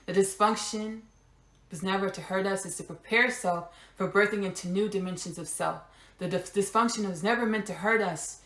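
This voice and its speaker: A woman's voice: mid-range voice, a bit bright. Emphatic woman in an echoey room. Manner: repetitive, emphatic, casual asides. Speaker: podcast host. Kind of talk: spiritual monologue.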